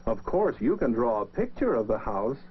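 A man narrating a children's story in a gentle, lilting voice, speaking to young listeners. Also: mid-range voice, sing-song, moderate pace, slightly rough. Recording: dull lo-fi record with music.

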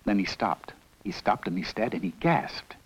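A man narrating a children's storybook in a playful, expressive way. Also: lowish voice, moderate pace, very noisy. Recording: dull lo-fi recording with loud music.

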